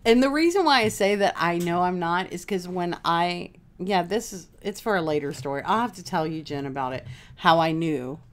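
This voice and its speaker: A woman's voice: on the low side, moderate pace, hardly any pauses. A woman hosting a casual crafting livestream from home, rambling chattily and answering viewers' comments by name.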